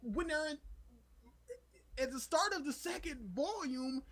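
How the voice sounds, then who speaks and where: A young man co-hosting a podcast in casual chat, animated and acting out scenes in quoted voices. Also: extremely high pitch, a little slow. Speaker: podcast co-host.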